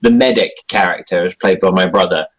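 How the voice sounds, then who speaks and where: A young man speaks briskly in a low voice over poor audio. He's a guest in an interview, chatting casually about his role-playing game character, rambling on, putting himself down, and chuckling frequently.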